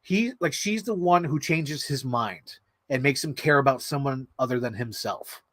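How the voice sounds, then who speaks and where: A man's voice: mid-range voice, expressive, moderate pace, fairly bright tone, dry recording. A man hosting a vlog, chatting casually in an emotional, rambling way, full of fillers and frequent laughs. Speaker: vlog host. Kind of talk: casual chat.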